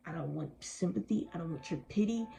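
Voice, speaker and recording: Angry, weary woman with a gravelly voice. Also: on the low side, fairly quick, dark tone, a little hiss or hum, poor audio. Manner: angry, weary, emphatic, with strong language. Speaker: vlogger. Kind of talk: impassioned personal vlog.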